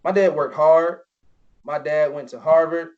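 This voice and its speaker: A man's voice: fairly high pitch, steady tone, unhurried, darkish tone. A young man, a former football player, telling personal stories as a podcast guest, earnest and full of "you know" fillers. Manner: earnest, many "you know" fillers, acts out quoted voices. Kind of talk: personal storytelling in an interview. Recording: dull lo-fi podcast audio.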